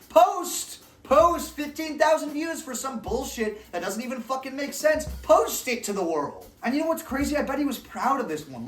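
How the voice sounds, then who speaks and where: A man's voice: very high-pitched, reverberant, recorded from a distance. A man hosting a comedy commentary video, mocking clips with sarcastic, profane rants. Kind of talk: ranting reaction commentary.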